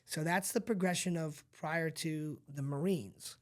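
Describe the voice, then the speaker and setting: This middle-aged podcast guest has a fairly high voice and talks a little slowly. Recounting something painful from his own life, he confides in the listener earnestly, speaks straight to them, drops in frequent asides, and keeps making sure they're with him. Emotion surfaces now and then.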